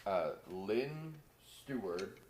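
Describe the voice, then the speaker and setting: A young man reading out live viewer comments in a halting way with filler words, his mic too far from his mouth. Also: fairly low pitch, expressive, darkish tone. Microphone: mic held too far from mouth.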